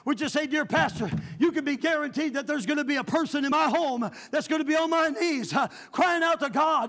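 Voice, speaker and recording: Fervent high-pitched preacher man. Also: brisk, creaky, few pauses. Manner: fervent preaching, often shouting. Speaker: pastor. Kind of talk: revival sermon. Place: church sanctuary.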